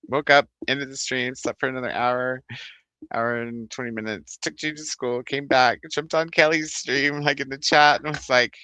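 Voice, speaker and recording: A man's voice: mid-range voice, fairly even intonation, moderate pace, sharp tone, clear, resonant tone, dry recording. A man hosting a book club livestream, chatting casually, rambling, laughing often and reading out viewer comments.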